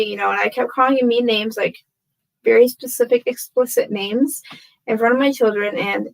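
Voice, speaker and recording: A woman's voice: on the high side, vocal fry, low-quality recording. A woman in her thirties chatting casually to camera from home, rambling and self-deprecating, tired and frazzled, laughing often. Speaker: vlogger. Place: home room with torn wallpaper.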